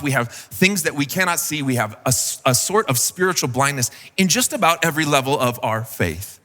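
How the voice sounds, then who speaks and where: A male pastor preaches in a loose, conversational way, full of fillers and little acted-out quotes. His voice is bright and forward. It rings out in a hall with a long reverb. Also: mid-range voice. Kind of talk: sermon.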